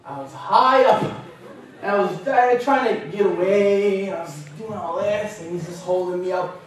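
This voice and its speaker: A man's voice: high voice, moderate pace. Man telling a funny story in an echoey hall. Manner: animated, self-mocking humorous storytelling. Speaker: guest speaker. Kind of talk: lecture storytelling. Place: university lecture room. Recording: echoey lecture hall from far off.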